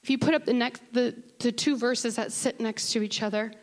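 High-voiced woman preaching a sermon. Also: brisk. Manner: rises to impassioned crying out; conversational asides to the congregation. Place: church sanctuary.

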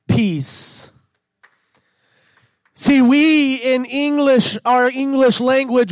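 A man preaching as a pastor, fervent and emphatic, building into shouted passages. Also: high voice, dry recording. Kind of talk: sermon.

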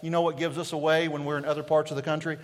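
Racing through his sermon in a large hall, a pastor speaks in a flat, somewhat high voice. He's from East Tennessee, carries a Southern Appalachian accent, and preaches in a conversational way inside the church sanctuary, sprinkling in rhetorical questions and "right?"

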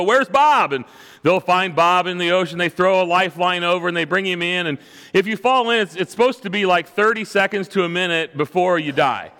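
A man with a high, bright voice preaching a sermon in a loose, conversational storytelling way. His voice rings out with a long hall reverb around it. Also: clear, resonant tone. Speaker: pastor. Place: church sanctuary.

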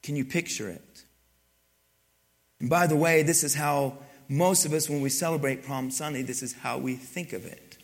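An older man preaching a sermon, telling stories with asides to his congregation and swinging from loud exclamations to hushed, near-whispered moments. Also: a little high, moderate pace. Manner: storytelling, conversational asides to the congregation. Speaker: pastor.

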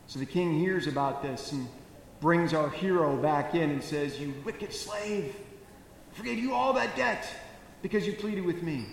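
A man preaching a sermon as pastor, telling the story with animated, wry comic asides. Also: fairly high pitch. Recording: echoey church hall with faint noise.

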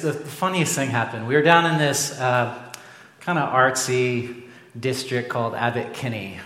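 Man preaching in an echoey hall. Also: mid-range voice. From Oregon. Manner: animated storytelling with a jokey aside. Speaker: pastor. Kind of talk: sermon. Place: church sanctuary.

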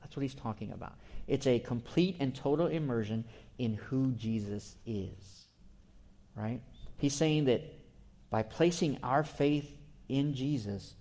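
Mellow-voiced man preaching conversationally. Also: mid-range voice, a little slow. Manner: conversational, checks in with listeners by asking "right?"; explains word by word, often restarting phrases. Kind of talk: verse-by-verse sermon teaching.

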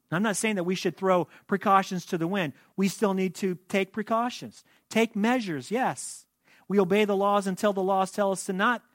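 A man preaches to his congregation, his voice sitting a little higher than most men's. The sound is dry and close, with no room echo. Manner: measured preaching with slow, hushed prayerful passages. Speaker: pastor. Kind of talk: sermon.

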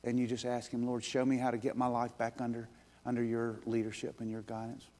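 Earnest pastor in a reverberant church. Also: male voice, medium pitch, monotone, a little fast. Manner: earnest, building to urgent appeals then softening. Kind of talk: sermon. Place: church sanctuary.

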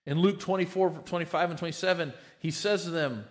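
Male pastor, slightly higher voice, emphatic sermon delivery with stumbling restarts. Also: a little slow. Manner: emphatic, repeats words when starting phrases.

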